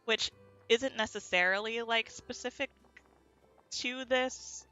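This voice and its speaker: This American woman streams a game and answers her chat in a relaxed, neutral-accented way, often ending sentences on an upward lilt. Her fairly high voice is slow, pushed and bright, though the audio sounds dull and faint music plays behind her.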